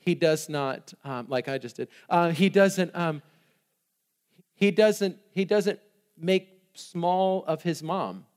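A man preaching a sermon, reading scripture with lively asides, laughs and rhetorical questions. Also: on the high side, slow pace. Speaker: pastor.

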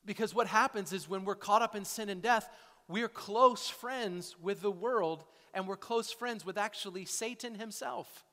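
High-voiced preacher in an echoey hall. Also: male voice, a little slow, sharp tone. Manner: conversational, frequent "right?" and "okay?" tags. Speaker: pastor. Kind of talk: sermon. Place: church sanctuary.

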